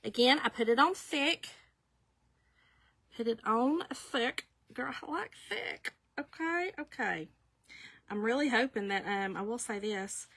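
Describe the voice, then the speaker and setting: A woman's voice: medium pitch, no echo. Chatty woman on a live stream. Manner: chatty, laughs often, greets viewers by name; warm, folksy. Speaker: live-stream shirt maker. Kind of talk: casual live stream chat.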